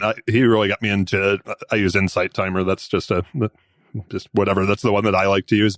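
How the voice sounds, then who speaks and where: A man hosts a podcast interview, quick and casual, with a lot of fillers. His voice is low and rapid. The recording is dry and close. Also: a bit bright, dry recording. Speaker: podcast host. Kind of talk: conversational interview.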